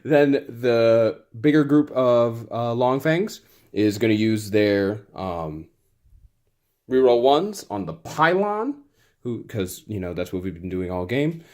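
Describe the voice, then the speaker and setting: Man narrating his dice rolls, slow and chatty. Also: mid-range voice, very animated, a little mellow. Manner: chatty, playfully exasperated, sound effects while rolling dice. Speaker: tabletop wargame player. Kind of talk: casual play-by-play of a tabletop game.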